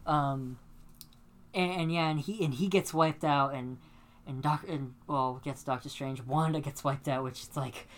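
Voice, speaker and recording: Woman co-host with a low voice and a worked-up, swear-heavy recap style for casual podcast chat. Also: a little slow. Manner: animated, profane storytelling with dramatic reenactments.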